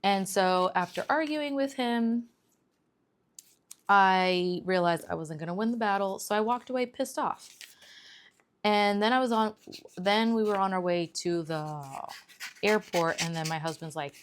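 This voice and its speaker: A woman's voice: mid-range voice, unhurried, slight background noise. A young adult woman vlogger telling a travel story in a casual, rambling way, full of fillers and "like". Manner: chatty, rambling, many fillers and "like". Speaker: planner vlogger.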